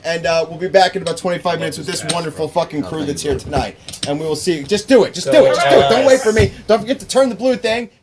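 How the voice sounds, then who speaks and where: Fast-talking high-voiced host, noisy room. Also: male voice, a loud crowd. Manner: loose, profane, joking. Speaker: show host. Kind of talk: casual live-show banter. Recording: clear background noise.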